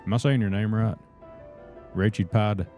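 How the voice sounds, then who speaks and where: Deep-voiced man streaming games. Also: normal speed, soft background music. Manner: relaxed, chatty, reads chat and greets viewers as brothers. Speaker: livestreamer. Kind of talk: casual gameplay livestream chat.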